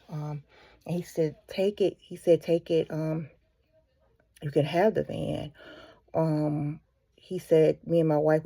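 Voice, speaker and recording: A woman's voice: deep voice, vocal fry, mellow, no echo. A woman speaking for a ministry, retelling a story casually with many fillers and restarts. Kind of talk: casual spoken devotional.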